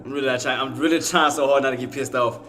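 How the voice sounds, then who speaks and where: A man's voice: mid-range voice, fairly even intonation, quick pace, over music. A man giving live commentary on his trading, exasperated, swearing and talking straight to his chat viewers. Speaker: day trader streaming to viewers.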